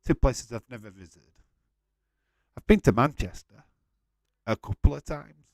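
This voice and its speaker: A man's voice: medium pitch, lively intonation, a little slow, a little mellow, dry recording. A man hosting a casual live-stream watch-along, chatting to viewers by name, laughing often and swearing freely.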